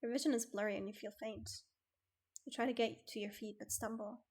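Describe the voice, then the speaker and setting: A woman streamer reading a dating game aloud and reacting with animated, sweary frustration. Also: on the high side, fairly quick, a little hiss or hum.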